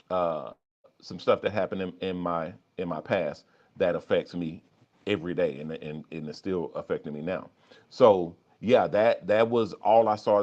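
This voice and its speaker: A man talking candidly on a livestream as a life coach, often repeating and restarting his words. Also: deep voice. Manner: repetitive restarts, candid, conversational. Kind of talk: livestream talk reading chat. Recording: dull lo-fi.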